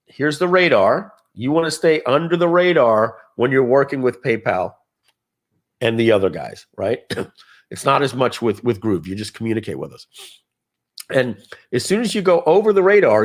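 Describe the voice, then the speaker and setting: Guy running a live training webinar, chatty, acts out little reactions. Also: mid-range voice. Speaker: software trainer.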